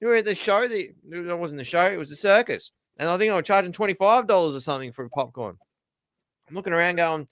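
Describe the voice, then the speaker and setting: Male podcast host, slightly high voice, dry close sound, profane and blunt. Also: expressive, fast, fairly bright tone, dry recording. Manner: blunt and profane, with asides to listeners. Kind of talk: casual reaction commentary.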